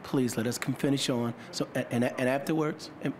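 A man's voice: medium pitch, fairly even intonation, brisk, crowd noise. A man chairing a council meeting, firmly and patiently repeating himself to restore order. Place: council chamber.

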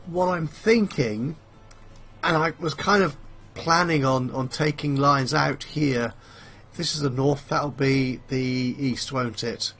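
A man's voice: medium pitch, takes it slowly, fairly bright tone, faint music behind. A man hosting a let's play, thinking aloud with plenty of fillers in a chatty, self-mocking way. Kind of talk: casual game commentary. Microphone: headphones with a desk mic.

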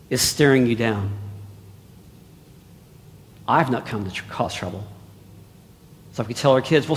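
A male preacher delivering a sermon, dropping to hushed asides and then rising to loud exclamations. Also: a little high. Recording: long hall reverb.

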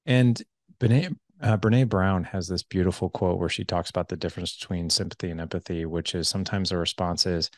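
A man's voice: sits low, fairly even intonation, a little fast, dry recording, clean studio sound. A man in his forties hosting an interview, talking earnestly and reflectively, sometimes searching for his words. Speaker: podcast host. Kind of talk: conversational interview.

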